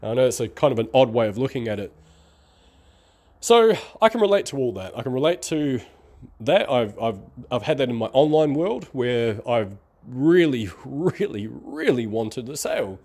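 A man's voice: mid-range voice, big pitch swings, normal speed, darkish tone. Man with an Australian-New Zealand accent and slight lisp. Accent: between Australian and New Zealand. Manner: draws out his speech, rambling and candid. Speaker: online marketing vlogger. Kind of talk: casual talking-to-camera monologue.

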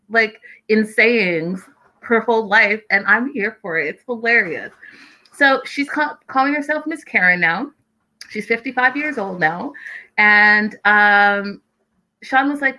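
A woman chatting casually as she recaps a reality show, animated and full of laughing asides. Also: mid-range voice.

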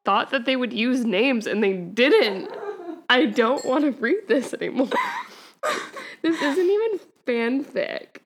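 A woman's voice: a little high, animated, takes it slowly. Giggling woman reading aloud on a podcast. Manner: keeps breaking into laughter and wry asides while reading. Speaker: podcast co-host. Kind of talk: reading fan fiction aloud on a casual podcast.

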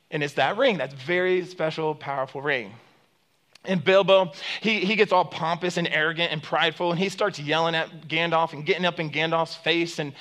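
A man's voice: a little high, moderate pace, a bit bright. A man preaching a sermon as pastor, conversational and joking with many fillers, retelling stories with emphatic rises.

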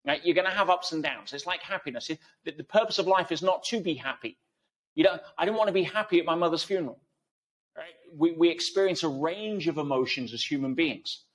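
Interview guest, male, fairly high voice, emphatic talker full of analogies. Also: fairly quick. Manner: emphatic, uses analogies and rhetorical questions. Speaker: guest speaker. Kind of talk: conversational interview.

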